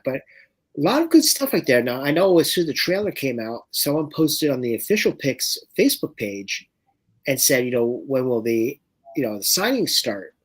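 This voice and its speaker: Relaxed man sharing fan anecdotes. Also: mid-range voice. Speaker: co-host of a fan watch-along show. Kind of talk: casual fan chat.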